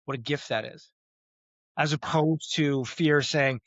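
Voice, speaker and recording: A man speaking as a podcast guest, talking earnestly and reflectively with frequent pauses and vivid comparisons. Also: a little high, steady tone, fairly bright tone, no echo, muffled recording. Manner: earnest, uses metaphors, many "uh" pauses. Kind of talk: reflective interview talk.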